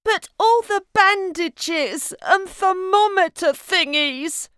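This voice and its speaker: A woman voicing an excitable, nervous young boy cat in a storybook read-aloud. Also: high voice, takes it slowly, no echo, clean studio sound, pitched above the performer's own voice, heavily acted. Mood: worried.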